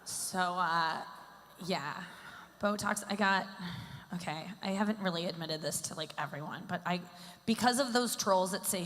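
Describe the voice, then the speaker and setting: Speaking at a measured pace with a sharp tone and medium pitch, a woman in her thirties does stand-up on a stage mic. Her rambling, self-deprecating set is loaded with fillers, performed in a large hall whose live recording has long reverb.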